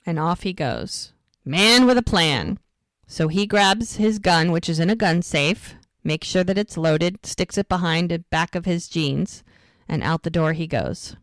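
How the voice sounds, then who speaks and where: A woman co-hosting a rewatch podcast, casually retelling scenes and quoting the characters in quick bursts. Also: lowish voice, no echo, clean studio sound. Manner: chatty, quotes characters in quick lively bursts. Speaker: podcast co-host recapping episodes.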